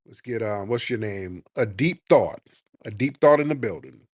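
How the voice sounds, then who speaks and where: A man's voice: on the low side, lively intonation, normal speed, a little mellow, slightly rough, soft background music. A man hosting a call-in show, brash and profane, mocking callers with frequent laughter. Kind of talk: casual call-in radio talk.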